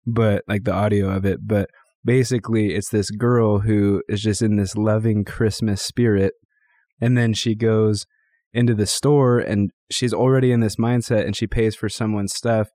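A man hosts a casual podcast in a low, mellow voice, relaxed and chatty. He speaks close to a dry mic, easygoing as he introduces guests and recounts a story. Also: moderate pace, no echo. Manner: relaxed, chatty, retells stories with quoted voices. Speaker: podcast host.

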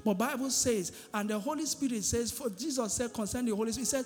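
High-voiced pastor preaching in a hall. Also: male voice, fast talker, hardly any pauses. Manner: call-and-response preaching, asking the congregation "what?". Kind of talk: sermon. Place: church hall. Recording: reverberant hall with music behind.

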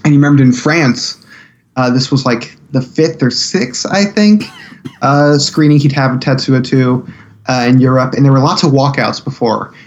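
A man's voice: mid-range voice, moderate pace. Rambling male guest on dull audio. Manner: rambling, filler-heavy storytelling. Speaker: guest filmmaker. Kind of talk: casual podcast chat.

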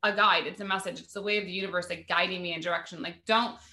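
A woman's voice: on the low side, steady tone, fast, bright, forceful tone, reverberant. A woman hosting a spiritual podcast, chatting casually and rambling with many "like" fillers. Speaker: podcast host.

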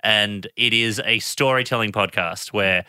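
A man's voice: lowish voice, unhurried, clean tone, dry recording, studio quality. A man from Australia, a radio host telling stories in a casual interview chat. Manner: lively storyteller, animated voices in anecdotes. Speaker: radio host and podcast guest.

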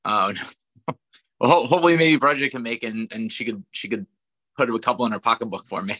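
A man, a student, chatting casually and easygoing with his teacher over a video call, slightly halting and laughing easily. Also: mid-range voice, sharp tone. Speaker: student joining a class by call. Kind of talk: casual chat.

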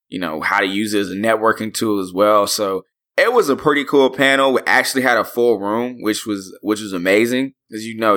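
A man's voice: on the low side, bright, forceful tone. A man in his twenties co-hosting a podcast, casually talking about speaking on a panel. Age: 20s. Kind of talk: casual chat.

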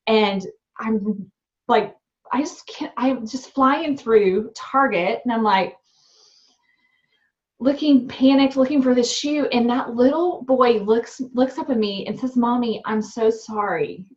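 A young woman, a restaurant owner and new mom, telling her story in an interview in a candid, animated way with many fillers. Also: on the high side, takes it slowly. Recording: dull lo-fi sound.

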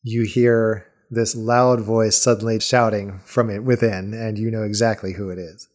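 A man's voice: on the low side, level tone, normal speed, darkish tone. A man narrating as game master of a tabletop game, descriptive and laughing often.

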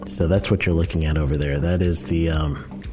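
A man's voice: rumbling low, steady tone, normal speed, noisy background. A man hosting a podcast, explaining rules in a loose, conversational way with fillers and self-corrections. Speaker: podcast host on workplace safety compliance. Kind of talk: casual explainer talk.

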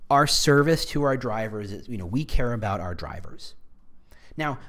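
A man explaining marketing and employer branding in an animated, conversational way, with quick self-corrections and asides. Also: medium pitch. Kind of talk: casual explanatory talk.

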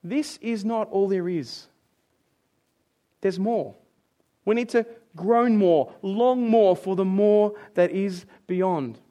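Male preacher, higher voice, lively sermon delivery that dips low for readings. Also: takes it slowly. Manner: animated, acts out complaining voices, drops low for scripture.

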